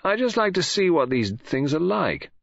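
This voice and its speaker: Man doing a blasé drawling young woman, lively swinging voice, dull lo-fi audiobook audio. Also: fairly high pitch, moderate pace, vocal fry, no echo, pitched above the performer's own voice, full character voice. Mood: offhand. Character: languid, blasé young woman, arty and teasing. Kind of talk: audiobook character reading.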